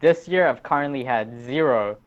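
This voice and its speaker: A man's voice: mid-range voice, normal speed. A teenage man, rambling through a story in casual podcast chat and swearing a lot. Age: teens. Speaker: podcast host. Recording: dull lo-fi recording.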